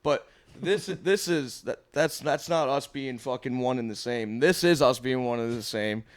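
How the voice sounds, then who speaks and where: A man's voice: mid-range voice, moderate pace. A man co-hosting a podcast in a studio, ribbing his friend with crude jokes in casual banter. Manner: mocking, laughing, crude jokes. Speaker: podcast co-host.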